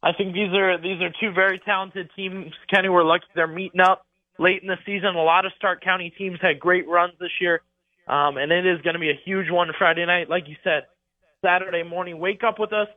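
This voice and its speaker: A man's voice: high voice, steady tone, a little fast, dry recording. A man in his twenties, a radio sports reporter, calling in and eagerly promoting coverage. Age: 20s. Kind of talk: casual radio talk. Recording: tinny phone line.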